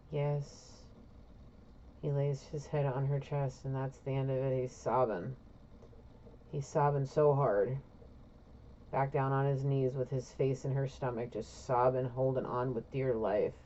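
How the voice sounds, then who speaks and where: Low-voiced woman giving a blunt psychic reading. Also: fairly even intonation, unhurried, dark tone, slight background noise. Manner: talks to spirit aloud, asking and answering her own questions; blunt, swears casually. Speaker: intuitive reader. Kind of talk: casual solo psychic reading. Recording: dull lo-fi recording.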